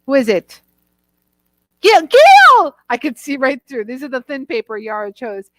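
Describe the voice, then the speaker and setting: A woman hosting a live product show, chatting warmly and talking straight to viewers in the chat. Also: fairly high pitch, a little fast, dry recording.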